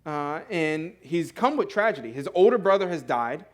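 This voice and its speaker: A man's voice: fairly high pitch, big pitch swings, moderate pace. A young man preaching a sermon in a church, in a conversational, earnest way with fillers and self-corrections. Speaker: pastor. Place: church sanctuary.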